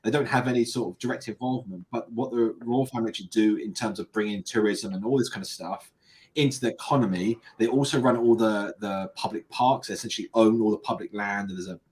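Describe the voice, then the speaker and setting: A man's voice: on the low side, fast talker, a little mellow, low-quality recording. A man with a British accent hosting a live tech stream, chatting casually and rambling with many restarts. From United Kingdom. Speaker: livestream host. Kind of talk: casual chat.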